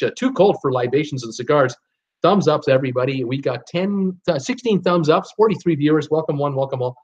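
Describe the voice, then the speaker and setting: A man hosting a live online show, rambling casually with many fillers and reading viewers' comments aloud. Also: mid-range voice. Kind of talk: casual live-stream chat. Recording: dull lo-fi stream audio.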